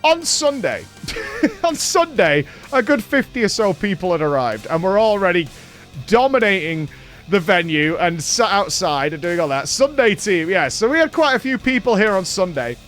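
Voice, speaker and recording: A man from Britain, hosting a show and telling a story in a casual recap, animated and swearing freely. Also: sits high, normal speed, faint music behind. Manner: animated, swears freely, acts out quoted dialogue. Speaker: show host.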